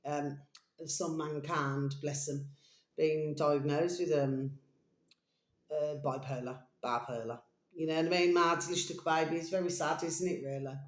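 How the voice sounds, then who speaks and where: With a low voice and fairly flat intonation, the English channel host speaks at a moderate pace. Her casual monologue meanders, strays and returns, peppered with affectionate names like "my delicious babies." The sound is roomy and echoey, typical of a home space.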